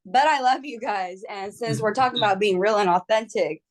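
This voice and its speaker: A young book club member, sounding tired, shares a frank story during a casual video call and quotes what others said along the way. She talks fairly quickly in a medium pitch.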